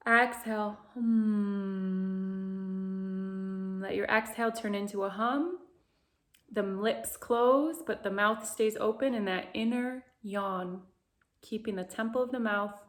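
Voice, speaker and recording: A woman voice coach leading a guided vocal exercise lesson, speaking in slow, soothing instructions and singing vowel sounds to demonstrate. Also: medium pitch.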